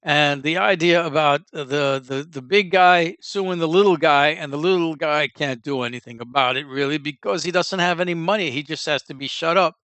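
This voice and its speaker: A man's voice: a little high, normal speed, few pauses, a bit bright, clear, resonant tone, no echo. A man hosting a casual news commentary podcast, rambling with many fillers and restarts, in a Northern US accent. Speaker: podcast host.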